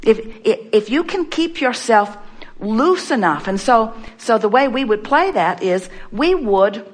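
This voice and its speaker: A woman's voice: on the high side, lively intonation, a little slow. A woman giving an inspirational seminar talk, emphatic and playful, repeating her questions to the audience. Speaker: inspirational speaker.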